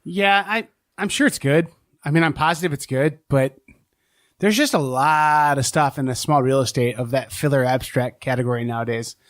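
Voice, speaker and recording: A man's voice: mid-range voice, moderate pace, fairly bright tone. A man co-hosting a board game podcast in casual chat, rambling and hedging with a self-deprecating tone. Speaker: podcast co-host.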